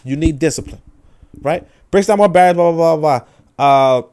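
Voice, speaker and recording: A young man hosting a book-reading show, giving animated casual commentary, full of restarts and mocking acted-out voices. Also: a little high, normal speed, clear, resonant tone. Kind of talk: casual commentary on read passages.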